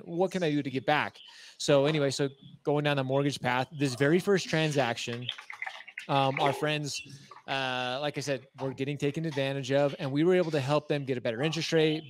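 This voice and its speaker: A man in his thirties tells his career story with excitement and slangy asides. His voice sits a bit high. He often restarts his sentences. There is a faint hiss of noise behind him. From Utah, USA. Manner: enthusiastic, slangy, many fillers and restarts. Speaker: guest, agency founder. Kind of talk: casual interview storytelling.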